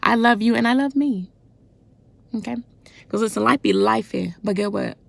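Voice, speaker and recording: Fervent, gravelly-voiced woman preaching in a vlog. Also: medium pitch, normal speed, no echo. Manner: fervent, preachy and colloquial, with emphatic rhetorical questions. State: loud and worked up. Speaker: faith vlogger. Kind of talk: devotional vlog talk.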